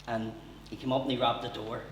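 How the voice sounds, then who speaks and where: A man's voice: medium pitch, level tone, fairly quick, slight background noise. A man doing stand-up comedy, telling a story in a swearing, conversational way. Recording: echoey room heard from far off.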